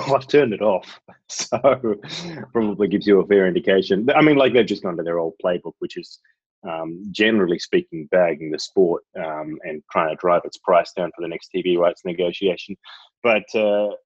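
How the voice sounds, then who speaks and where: A man talking casually about sport, pausing and restarting often. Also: low voice, breathy edge, no echo, highs cut off. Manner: hesitant, many restarts and ums.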